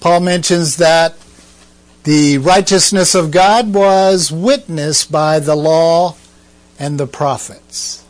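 A man's voice: fairly high pitch, slow. A man giving conversational Bible teaching, asking rhetorical questions and making asides to his listeners.

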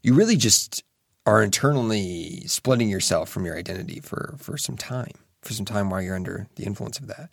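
A man's voice: fairly low pitch, lively intonation, a little fast, gravelly, slightly rough, no echo, studio quality. A young man giving an earnest, reflective monologue, musing aloud with casual swearing and frequent restarts. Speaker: solo speaker.

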